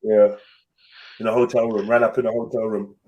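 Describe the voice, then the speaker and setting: Young guy telling a story on a podcast, animated, swearing, plays out the voices. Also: on the low side, fairly quick, dull audio. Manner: animated, swears freely, acts out voices in his stories. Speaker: podcast host. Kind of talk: casual storytelling chat.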